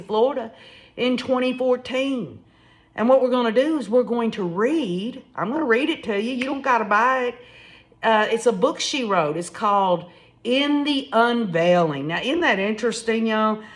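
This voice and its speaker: A woman hosting casual true crime commentary, emphatic and talking straight to her listeners. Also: medium pitch. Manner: emphatic, addresses listeners as y'all.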